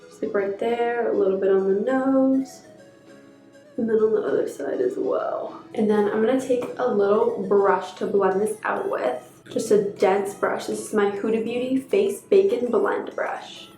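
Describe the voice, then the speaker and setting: A young woman with a hoarse voice from a cold, chatting casually through a makeup tutorial step by step. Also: mid-range voice, steady tone, a little slow, mellow. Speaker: beauty vlogger. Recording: echoey room, faint background music.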